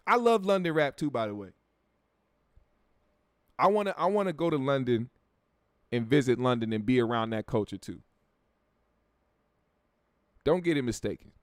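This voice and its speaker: A man's voice: mid-range voice, lively intonation, normal speed, pauses often, no echo. Man, from the United States, livestream host, brash, profane, dry sound. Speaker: show host. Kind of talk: livestream chat, reading viewer comments.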